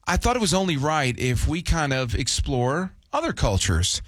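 A man's voice: fairly high pitch, big pitch swings, moderate pace, a bit bright, no room sound. A man hosting a morning radio show, bantering casually, teasing and laughing.

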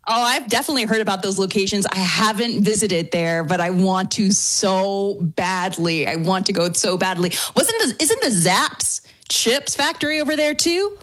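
A woman from New Orleans with a New Orleans accent, a guest on a talk show. She is a paranormal investigator and speaks in an animated, easygoing way, laughing often. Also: mid-range voice, normal speed, hardly any pauses. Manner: warm, animated, laughs easily.

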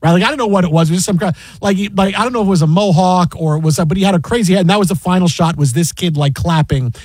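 A man's voice: sits high, racing, darkish tone, husky, no echo, rough recording. A middle-aged man hosting a sports talk radio show, telling a story in a rambling way full of "like" and "you know". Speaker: radio host. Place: radio studio.

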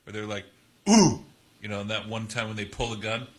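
A man co-hosting a talk show, adding quiet, joking asides to the conversation. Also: on the low side, level tone, fast talker. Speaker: co-host. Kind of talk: casual talk show banter.

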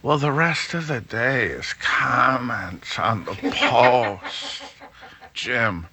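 A man's voice: medium pitch, lively intonation, drawn-out words, bright, forceful tone, breathy edge. A middle-aged man hosting a podcast, telling a rambling, self-deprecating story with many restarts. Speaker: podcast host. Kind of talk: casual monologue.

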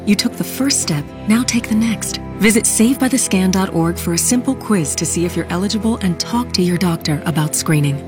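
A woman announcer reading a public service message in a calm, reassuring way. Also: mid-range voice, fairly quick, hardly any pauses, over music.

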